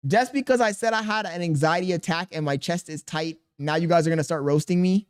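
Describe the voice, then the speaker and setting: A man's voice: on the high side, brisk, few pauses, smooth. A man in his thirties, a streamer reading chat aloud and venting in an exasperated, defensive way with casual slang.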